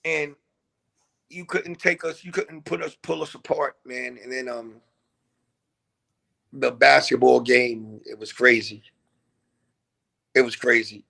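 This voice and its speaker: A man's voice: mid-range voice, fairly even intonation, slow, gravelly, long pauses, sharp tone. A man who is a guest rapper, telling his story in an interview in a reflective, laid-back way. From New York.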